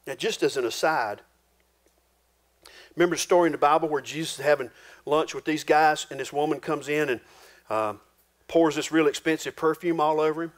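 Country preacher guy, kinda high voice, folksy sermon, gets real quiet on the serious bits. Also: a little fast, long pauses. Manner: folksy, homespun preaching with rural turns of phrase; drops low and quiet for solemn points. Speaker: pastor.

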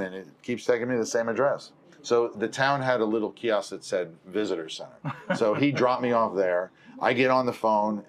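Man, film producer, rambling storyteller, slightly low voice, acts out quotes. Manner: rambling, self-correcting, acts out quoted dialogue. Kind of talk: conversational storytelling.

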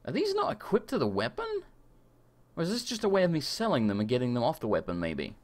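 A man giving casual live commentary while playing a video game, chatty and quick to rant and swear when annoyed. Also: mid-range voice, wildly swooping pitch. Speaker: gaming streamer. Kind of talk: live let's-play commentary.

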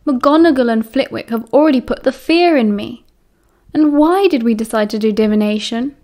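A sly, cheeky teenage wizard boy with a British accent, as a woman reading an audiobook puts him on. The voice sits a little high and stays playful and scheming. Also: moderate pace, darkish tone, lightly acted. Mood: teasing.

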